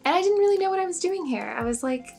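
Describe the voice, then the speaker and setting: A woman's voice: very high voice, expressive, quick pace, vocal fry, a little mellow, faint music behind. A young woman telling a personal story in a casual vlog, chatty and self-mocking, full of "like" fillers. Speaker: spiritual storyteller.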